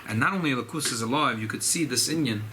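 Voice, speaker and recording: A rabbi, speaking informally at a farbrengen gathering, often repeating and restarting phrases. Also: male voice, mid-range voice, fast, bright, forceful tone, slight background noise, rough recording. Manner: repetitive, restarts phrases, mixes Yiddish and Hebrew terms. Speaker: rabbi giving a farbrengen talk. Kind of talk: informal Chassidic talk at a gathering.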